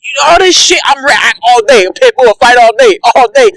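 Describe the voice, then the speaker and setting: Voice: sits high, expressive, brisk, a bit bright, poor audio. A reaction vlogger giving heated, profane commentary, ranting with repeated emphatic jabs and frequent laughter.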